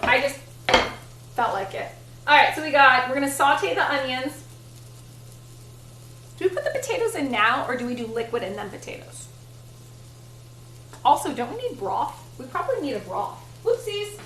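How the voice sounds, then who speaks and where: A young woman with a high, bright voice chats bluntly while she cooks on her livestream, swearing now and then. The kitchen sounds echoey, with faint sizzling behind her. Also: sing-song, normal speed, pauses often, a little hiss or hum. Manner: chatty, blunt, swears casually. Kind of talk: casual chat while cooking on stream. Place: home kitchen.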